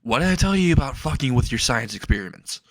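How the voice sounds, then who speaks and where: A man's voice: mid-range voice, lively intonation, quick pace, no room sound, lightly acted. A man voicing a smug adult TV host who speaks in a brash, exasperated way.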